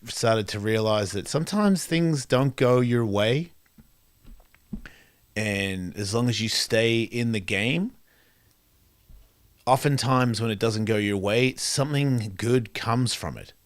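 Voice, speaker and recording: A man's voice: lowish voice, fairly bright tone, dry recording, studio quality. A man hosting a radio talk show, musing candidly in a rambling way with lots of fillers and restarts. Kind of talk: reflective casual monologue.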